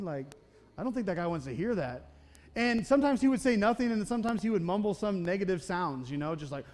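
A man's voice: sits high, lively intonation, fast, darkish tone. A young man preaching a sermon in a church, conversational and self-deprecating, often checking in with "okay?". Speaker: pastor. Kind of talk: sermon with personal storytelling. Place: church sanctuary.

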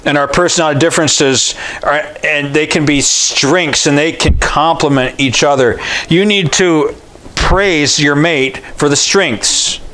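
Man, pastor, fairly high voice, casual sermon, joking, stumbling restarts. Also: unhurried, a bit bright. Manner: chatty and joking, with frequent restarts. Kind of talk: conversational sermon.

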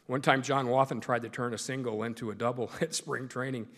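A man's voice: medium pitch, fairly even intonation, fairly quick, fairly bright tone. A middle-aged male sportscaster giving a folksy, joking speech to a club in a large meeting hall. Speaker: sportscaster and guest speaker. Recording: echoey hall with long reverb.

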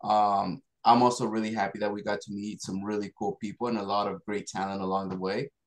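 A man's voice: on the low side, level tone, brisk. Laid-back, stoked graphics guy. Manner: laid-back, enthusiastic slang. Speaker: motion graphics artist. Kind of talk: casual video call chat. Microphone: video call.

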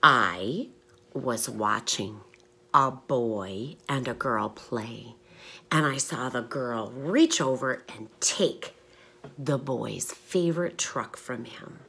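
A woman teaching young children through short stories, asking them questions and pausing for their answers. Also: rumbling low, creaky, a bit bright, breathy edge. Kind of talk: storytelling lesson for young children.

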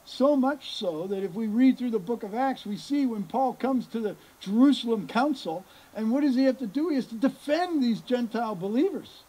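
A man's voice: high voice, warm tone, slightly rough, rough recording. A man preaching a sermon as pastor, emphatic, stressing words by repeating them and putting questions to his listeners. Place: outdoors.

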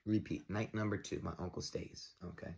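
A man telling a spooky story in an animated, profane way, acting out the noises. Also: low voice, moderate pace, gravelly. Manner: excited, profane, imitates noises, shouts for effect. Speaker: storyteller in a played clip. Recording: noisy clip audio with clicks.

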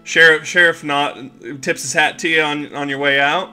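Bright-voiced man running a tabletop game. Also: fairly high pitch, fairly even intonation, moderate pace, soft background music. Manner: rambling, laughing, many restarts. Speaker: game master.

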